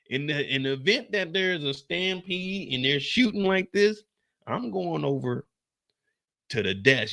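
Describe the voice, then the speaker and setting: Bright-voiced excitable male recap host. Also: sits high. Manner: excitable, acts out scenes with gunshot sound effects; profane slangy storytelling. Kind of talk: animated episode recap commentary.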